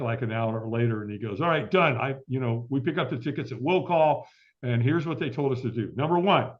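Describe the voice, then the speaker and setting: A middle-aged man telling a long story as an interview guest, acting out the voices of the people in it. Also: mid-range voice. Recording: dull lo-fi audio.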